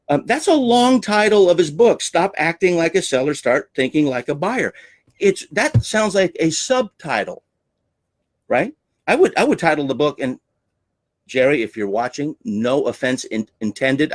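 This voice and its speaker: Theatrical and emphatic, a man coaches listeners on sales in a teaching talk. His voice is on the high side and carries no room sound.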